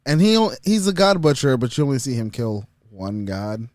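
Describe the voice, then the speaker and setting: A man's voice: mid-range voice, big pitch swings, normal speed, a little mellow, no room sound, studio quality. A man in a casual podcast chat, making brief matter-of-fact remarks.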